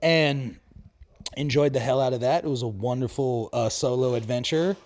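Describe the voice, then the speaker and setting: A man's voice: mid-range voice, normal speed, darkish tone, no echo. A young man telling a rambling story in a casual podcast chat, laughing often. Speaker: podcast co-host.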